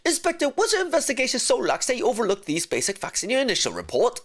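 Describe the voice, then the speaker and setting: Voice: medium pitch, huge pitch swings, quick pace, pitched above the performer's own voice. A streamer voicing a stern, formal judge in an animal courtroom game.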